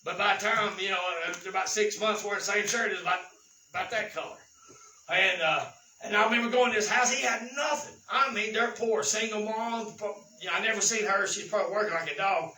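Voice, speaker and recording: A man preaching a sermon, telling folksy stories and building to shouted exhortation. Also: high-pitched, a little fast, roomy sound, recorded from a distance, a little hiss or hum, low-quality recording. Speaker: pastor.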